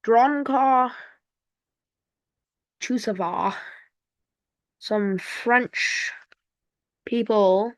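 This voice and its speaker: Slow, rambling woman narrating gameplay. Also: fairly high pitch, dry recording. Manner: rambling, playful, with sound effects and asides. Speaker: strategy game commentator. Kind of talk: casual gameplay commentary. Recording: dull lo-fi dry recording.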